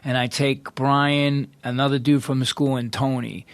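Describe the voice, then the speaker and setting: A man's voice: mid-range voice, moderate pace, no echo. A man on a podcast telling a rowdy story in casual, profane talk, acting out the voices of the people in it. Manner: profane, animated, acts out quoted voices. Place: podcast studio.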